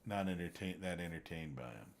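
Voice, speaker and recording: Male streamer, lowish voice, casual rambling chat that flares up now and then. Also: animated, brisk, slight background noise. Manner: rambling, gets worked up, trails off searching for names. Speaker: livestream gamer chatting with viewers.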